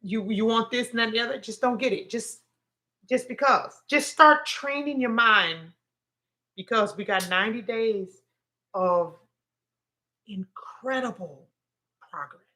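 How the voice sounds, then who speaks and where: A woman with a high, bright voice gives an emotional livestream pep talk. She repeats herself, preaches with spiritual fervor and drifts into exasperated, loud rants. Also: a little slow, pauses often. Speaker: host and counselor.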